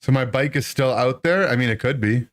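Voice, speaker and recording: A man in his thirties, a streamer, telling a childhood story to his chat in an animated, rambling way, full of "right?" and "like". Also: medium pitch, a little fast. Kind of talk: casual storytelling to a live chat.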